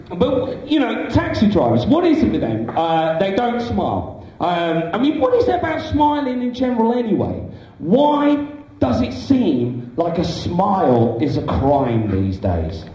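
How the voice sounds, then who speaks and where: A man's voice: high voice, wildly swooping pitch, unhurried, warm tone. A young man doing a stand-up comedy set, chatty and rambling with many fillers. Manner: chatty, rambling, full of "you know" fillers. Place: small indoor comedy club stage. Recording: echoey club from a distant camera.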